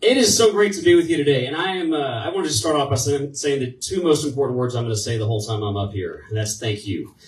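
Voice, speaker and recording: A man's voice: mid-range voice, lively intonation, fast talker, recorded from a distance. A man, a state representative, giving a fired-up political rally speech and throwing questions at the crowd. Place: event hall. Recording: echoey hall, mic heard from afar.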